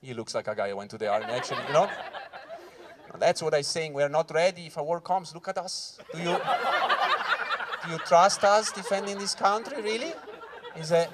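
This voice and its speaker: A man with a Swiss Italian accent doing stand-up comedy, who swears and acts out voices with loud punchlines. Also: on the high side, a little fast, heavy background noise. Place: corporate event room with live audience. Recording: live crowd audible. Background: audience laughing.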